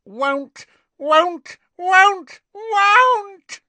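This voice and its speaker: A man voicing a spiteful male house elf servant with a croaking, shrill voice and stubborn refusals, in an audiobook. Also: animated, very slow, sharp tone, dry recording, exaggerated voice. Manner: stubborn muttered refusals rising to a scream. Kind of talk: audiobook character voice.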